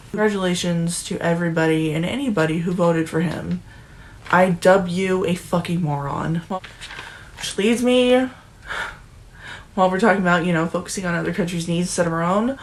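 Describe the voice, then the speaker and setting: Young woman vlogger, foul-mouthed and tearful, ranting hard. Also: lowish voice. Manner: profane, emotional, ranting, restarts often. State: near tears. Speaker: political commentary vlogger. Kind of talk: angry political rant vlog.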